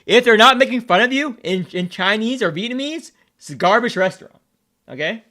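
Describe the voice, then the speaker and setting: A man's voice: high-pitched, lively intonation, fairly quick, sharp tone. A Vietnamese American man streaming, rambling in casual chat, repeating words and swearing freely as he talks. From United States.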